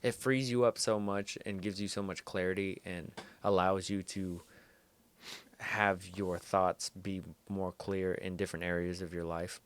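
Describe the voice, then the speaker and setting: Young dude hosting a podcast, real low voice, super casual, swears a lot, says like constantly. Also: male voice, steady tone, unhurried, clean tone. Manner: loose, swearing, laughing, lots of "like" and "dude". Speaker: podcast host. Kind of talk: casual chat. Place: new podcast studio.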